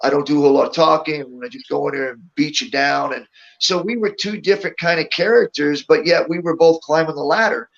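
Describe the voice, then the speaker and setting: A middle-aged former wrestler, interviewed as a guest, tells casual stories in a fairly high, gravelly voice that is brisk and a bit bright, laughing often along the way. The audio is dull and lo-fi, like a remote call.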